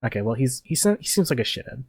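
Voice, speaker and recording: A young man running a tabletop game, describing each scene in a loose, rambling way that is packed with fillers. His voice sits at a middle pitch, and the recording is close and dry. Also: sing-song, quick pace, darkish tone, slightly rough, dry recording. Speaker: game master.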